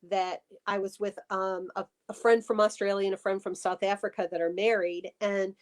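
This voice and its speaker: Woman guest, mid-pitched, lively restarting storyteller for a chatty live stream. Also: moderate pace. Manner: animated storyteller, many restarts. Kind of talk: casual live-stream chat.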